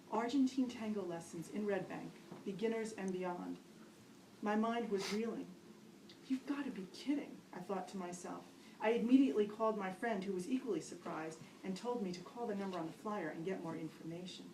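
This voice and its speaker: A woman's voice: mid-range voice, a little hiss or hum. Wry woman reading her story aloud, roomy. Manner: wry, self-mocking delivery with lively quoted asides. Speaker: poet reading her work. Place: gallery reading room. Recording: roomy, distant live-event recording.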